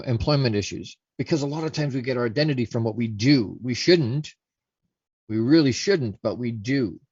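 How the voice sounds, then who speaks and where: A man's voice: mid-range voice, darkish tone, no echo, dull audio. A middle-aged man hosting a talk show, speaking earnestly and often restarting and repeating his sentences. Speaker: host. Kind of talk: casual solo talk show monologue.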